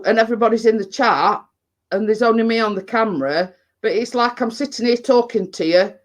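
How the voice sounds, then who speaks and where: The sound is lo-fi as an English baking vlogger chats on a live stream in a medium-pitched voice. Her talk is blunt and wandering, peppered with fillers and "you know what I mean."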